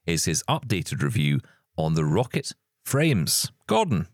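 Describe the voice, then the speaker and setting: A Scottish man with a deep voice that swings widely in pitch, co-hosting a podcast in a chatty, self-mocking way. He laughs often, and the sound is dry and close with no room around it. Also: sing-song, measured pace, no room sound. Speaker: podcast co-host. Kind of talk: casual chat.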